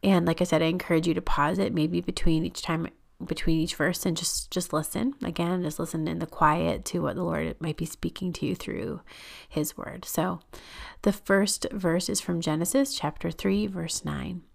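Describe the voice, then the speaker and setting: A woman hosting a podcast, leading a guided Christian prayer meditation in a gentle, unhurried way that sometimes drops to a breathy whisper. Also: on the low side, fairly even intonation.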